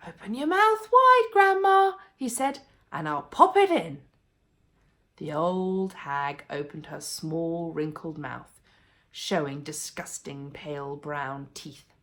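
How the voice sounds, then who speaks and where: A woman reading a children's book aloud as a bedtime story, with expressive, animated storytelling. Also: deep voice.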